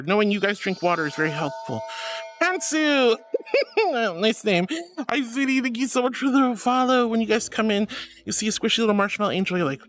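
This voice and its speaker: A woman streaming casually, reading chat messages aloud and thanking viewers in a gushing, affectionate way. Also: medium pitch.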